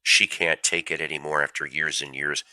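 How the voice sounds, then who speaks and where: Fighting a cold, a man hosts a casual livestream from a home room with his cat, rambling through stories with jokey asides. His voice is extremely low, flat, pushed and bright, at a moderate pace with no echo.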